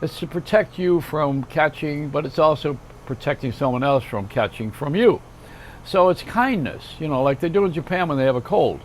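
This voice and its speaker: A man's voice: fairly high pitch, animated, moderate pace, a little hiss or hum. An older man hosting a comedic monologue, rambling along with wisecracks and one-liners and talking straight to the viewer. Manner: chatty, talks straight to the viewer. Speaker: host.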